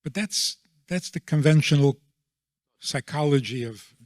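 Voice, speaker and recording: A man being interviewed as a rabbi, explaining his views in a deliberate way and often checking in with a rhetorical question. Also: on the high side, darkish tone, no echo, studio quality.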